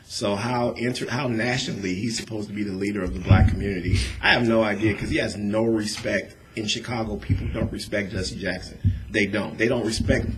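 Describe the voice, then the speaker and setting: A man's voice: on the low side, fairly even intonation, a little fast, a little hiss or hum, low-quality recording. A man hosting a radio talk show, agreeable and often chiming in with short replies. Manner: agreeable, frequent backchannel.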